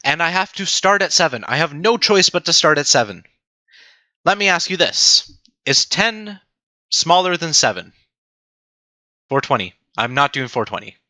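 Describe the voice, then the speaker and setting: A young man teaching a programming tutorial on a livestream, animated and self-mocking as he talks to his chat. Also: on the high side, normal speed, pauses often, no echo. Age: young adult. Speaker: teaching assistant.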